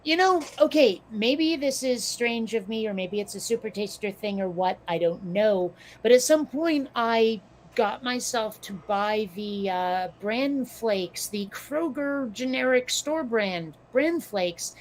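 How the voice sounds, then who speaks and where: A woman chatting casually as a podcast co-host, slightly hoarse from losing her voice, musing and questioning herself as she talks. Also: on the high side, lively intonation, takes it slowly, few pauses. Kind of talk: casual chat.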